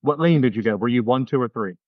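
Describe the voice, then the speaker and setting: A man with a South Jersey accent hosting a podcast, chatting in a quick, joking way. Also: mid-range voice, no room sound, narrow, tinny audio. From South Jersey, USA. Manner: quick, joking, profane banter. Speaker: podcast host. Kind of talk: casual podcast chat.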